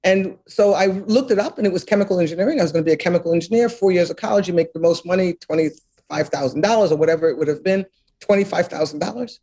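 An older woman in a reflective interview, her voice husky and a little breathy. She speaks earnestly and with emphasis, circling back to repeat key phrases and laughing softly between thoughts. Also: lowish voice, fast. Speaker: interview guest, author.

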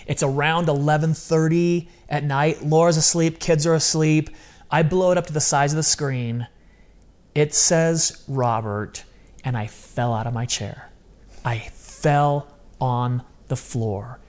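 A man's voice: on the high side, measured pace. A man in his fifties telling a personal story in a casual, earnest way, often acting out what he said. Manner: earnest, animated, quoting himself.

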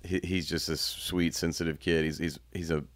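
A man in his thirties talking candidly as a guest, reflective and halting, with frequent restarts. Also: very deep voice, level tone. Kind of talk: candid personal conversation.

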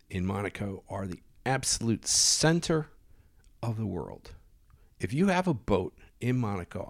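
A man telling a wild anecdote in a casual, animated way, with lots of swearing and vivid detail. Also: fairly low pitch, no room sound, clean studio sound. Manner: profane, animated, vivid storytelling. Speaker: storyteller.

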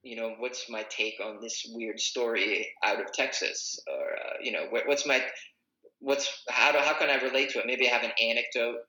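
A comedian chatting casually, rambling and correcting himself mid-sentence. His voice is very bright and sharp. The room gives it a clear echo. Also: medium pitch, moderate pace. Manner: rambling, self-correcting, many fillers. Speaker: comedian and podcaster. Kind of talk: casual conversation.

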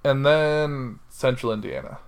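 Young man, podcast co-host, casual chat, mock anchor tone, relaxed. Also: mid-range voice, a little slow, smooth.

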